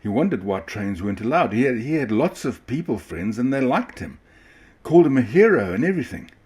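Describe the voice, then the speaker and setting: A man reading a children's story aloud in a gentle, expressive way. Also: mid-range voice, fairly quick, slightly rough. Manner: gentle, expressive, occasional restarts.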